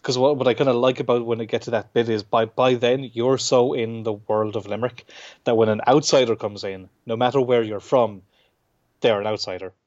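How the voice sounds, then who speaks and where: A man's voice: medium pitch, fairly even intonation, a little mellow. An Irish man, a comic book writer, talking casually in an interview, full of restarts and fillers. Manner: halting, many restarts and fillers. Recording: dull lo-fi sound.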